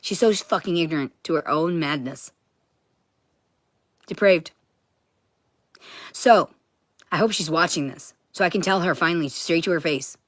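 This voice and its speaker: A woman talking to camera in a heated, profane monologue that keeps bursting into shouting. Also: fairly low pitch, unhurried, pauses often, no echo, clean studio sound.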